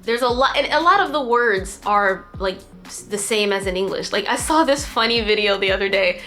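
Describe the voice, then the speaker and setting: A woman's voice: medium pitch, moderate pace, faint music behind. A young woman vlogging in a chatty, playful way straight to her viewers. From United States. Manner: chatty, animated, playful asides. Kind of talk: casual chat to camera.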